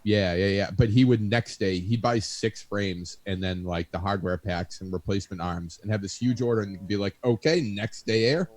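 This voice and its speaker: A man's voice: deep voice, fairly even intonation, moderate pace, few pauses, darkish tone. A man in casual banter on a live hobby show, telling a rambling story full of fillers and swearing. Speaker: co-host. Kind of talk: casual chat.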